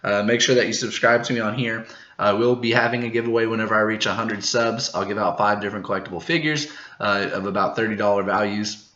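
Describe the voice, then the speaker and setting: A man hosting a manga reaction video, recapping the chapter in a casual, excited way, laughing often and tripping over his words when he gets hyped. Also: fairly low pitch, quick pace, roomy sound, dull audio. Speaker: manga reaction channel host.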